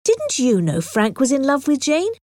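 A woman reading aloud gives voice to an excited, naive young woman who gushes with high rising questions. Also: normal speed, dry recording, studio quality. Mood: gushing.

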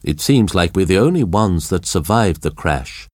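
A man's voice: low voice, lively intonation, moderate pace, dry recording, studio quality. A man voicing an injured crash survivor who takes charge, speaking firmly and urgently in a storybook reading. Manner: firm, urgent. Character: steady injured male crash survivor leader.

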